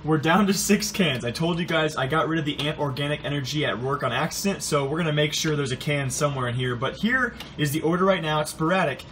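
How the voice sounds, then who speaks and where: A man's voice: on the high side, quick pace, hardly any pauses, a bit bright, a little hiss or hum. A young man vlogging casually to camera, upbeat and chatty, talking to his viewers as guys. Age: young adult. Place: at home, in a stairwell, at a gym.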